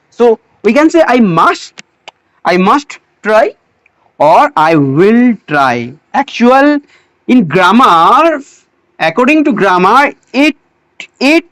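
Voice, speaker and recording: A teacher giving a slow English grammar lesson, pausing, repeating words and restarting phrases as they explain. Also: medium pitch, sing-song, a bit bright, no echo. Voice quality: non-native English phrasing.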